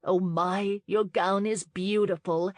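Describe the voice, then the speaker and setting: A woman's voice: medium pitch, fairly even intonation, slow, darkish tone, dry recording, lightly acted. A woman voicing a cheerful, effusive young marchioness. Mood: gushing.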